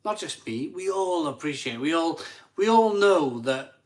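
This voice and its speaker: With a fairly high, expressive voice at a moderate pace, a man hosts a casual live stream. A bit drunk and tired, he rambles and repeats himself as he reads out viewers' super chats.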